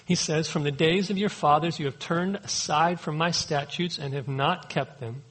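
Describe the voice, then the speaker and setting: A man's voice: fairly high pitch, normal speed, a bit bright, slightly rough, rough recording. A man, a pastor, preaching a sermon in an earnest, emphatic way, pleading and repeating key words.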